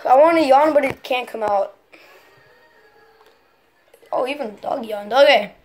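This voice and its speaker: A woman with a slightly high voice talks straight to camera in a loose, chatty vlog style. She rambles and sidetracks herself, bouncing from excited bursts to muttered comments. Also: a little slow. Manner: chatty, rambling, jumps between excited and mumbled asides. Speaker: vlogger. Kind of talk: casual chat to camera.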